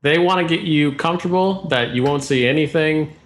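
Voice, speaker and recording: A man co-hosting a movie podcast, sarcastic and quick to laugh. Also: fairly high pitch, fairly bright tone. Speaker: podcast co-host. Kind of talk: casual podcast chat.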